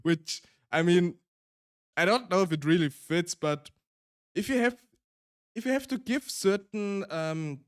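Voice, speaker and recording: A man's voice: high-pitched, a little slow, pauses often, clear, resonant tone, no room sound, studio quality. A male streamer with a German accent chatting casually, rambling with frequent restarts and laughs.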